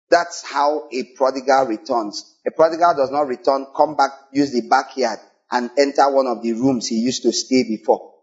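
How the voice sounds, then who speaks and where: A man preaching a sermon as a pastor, dropping low and then rising to high exclamations as he presses his point. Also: muffled recording.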